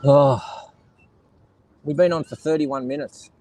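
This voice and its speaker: This is a low-quality recording of a middle-aged Australian man chatting loosely and jokingly to his live stream audience on the seaside, where kids and seagulls are around. His voice is a little high and a little mellow. He keeps a steady tone and talks slowly.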